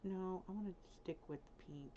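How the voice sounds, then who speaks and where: A woman's voice: on the low side, normal speed, dark tone, slight background noise. A woman live streaming from home, chatting casually as she builds in a game, thinking aloud and teasing her dog now and then. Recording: dull lo-fi stream audio.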